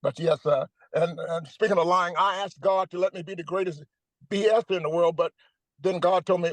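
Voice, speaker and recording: An older man talks on a video call, joking and emphatic, with a preacher-like rhythm. His voice sits high for a man, and the sound is close and dry. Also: a little fast, dry recording, low-quality recording. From Atlanta, United States. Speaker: comedian guest. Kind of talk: animated comedic chat.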